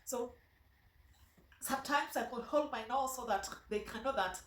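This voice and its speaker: Kenyan woman vlogger, animated storytelling, restarts a lot, recorded from a distance. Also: on the high side, normal speed, reverberant. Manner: animated, laughing, frequent restarts and repetitions. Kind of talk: casual storytelling to camera. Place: in the United Kingdom.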